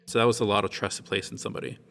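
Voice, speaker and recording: A man's voice: fairly low pitch, steady tone, racing, fairly bright tone. A man hosting a book podcast, chatting casually and laughing often. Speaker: podcast host.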